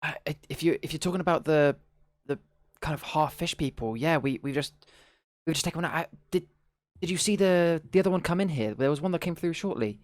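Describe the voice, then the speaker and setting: A man's voice: a little high, fairly quick, dry recording, clean studio sound. A man playing a tabletop game, asking many curious questions. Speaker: player.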